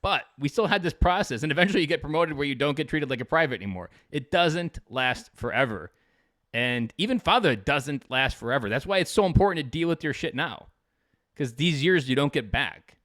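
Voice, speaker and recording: A man's voice: a little high, lively intonation, fairly quick, a bit bright, dry recording, studio quality. A man in his thirties, a Marine veteran and podcast guest, giving blunt, profane, emphatic motivational talk.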